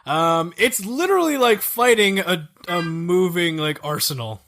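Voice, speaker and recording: Male gaming podcast host, enthusiastic explainer, bright tone, lively pitch. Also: measured pace, a little hiss or hum. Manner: enthusiastic, explaining game levels. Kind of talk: casual chat.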